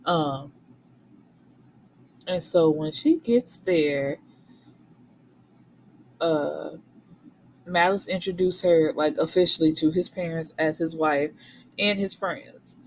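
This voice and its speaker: A woman's voice: sits low, slow, pauses often, slight background noise, rough recording. Slangy woman recapping a book. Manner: slangy, animated, swears freely. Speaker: book reviewer.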